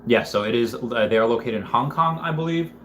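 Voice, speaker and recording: This man has a medium-pitched, expressive voice that's a bit bright and moves fairly quickly. He's casually chatting on a livestream, reading out viewer comments and rambling with lots of fillers and restarts, captured in a roomy echo with slight background noise.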